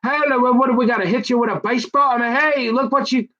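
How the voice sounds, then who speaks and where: A man voicing excited friends urgently warning a foolish strongman. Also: very high-pitched, fast, muffled recording, voice pushed up.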